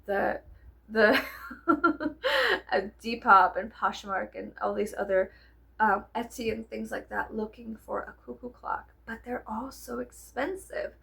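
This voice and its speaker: A woman's voice: a little high, lively intonation, takes it slowly, vocal fry, a bit bright, slightly rough. A young woman with a Southern US accent, chatting casually to camera at home, rambling, swearing, and slipping into whispers. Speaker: vlogger.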